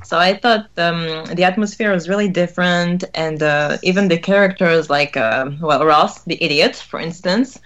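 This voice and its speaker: A woman's voice: on the low side, moderate pace, hardly any pauses, a bit bright, highs cut off. A woman co-hosting a podcast, rambling through her opinion in casual discussion with many fillers and some laughs. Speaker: podcast co-host.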